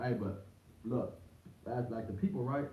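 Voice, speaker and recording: Mellow and mid-range, this man's voice moves at a moderate pace as he hosts a livestream in rambling, slangy fashion, repeating words and restarting often. He comes through a dull, muffled lo-fi mic in an echoey room, distant and with slight hiss.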